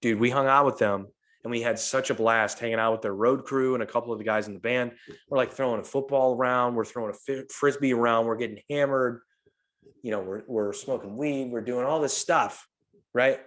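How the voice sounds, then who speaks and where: A podcast host from St. Louis, USA, tells a long, profane party story in casual chat, acting out what people said. His voice sits in the mid range and moves fairly quickly. He's animated throughout.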